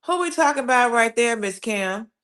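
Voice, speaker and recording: A woman hosting a live stream, chatting casually with her viewers. She reads their comments aloud and answers each one quickly and directly. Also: fairly high pitch, expressive, fairly bright tone. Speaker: livestream host reading chat.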